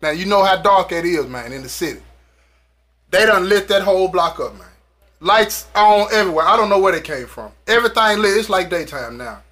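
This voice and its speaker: A man's voice: high-pitched, animated, fairly quick, a bit bright. A man casually telling a story about his time in prison, acting out the dialogue, laughing often and repeating phrases for emphasis. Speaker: guest recounting prison experience.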